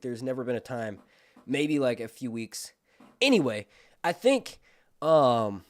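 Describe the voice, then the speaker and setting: A man hosting a casual livestream, talking in a chatty way and swearing freely. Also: medium pitch. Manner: animated, profane, chatty. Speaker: YouTube host.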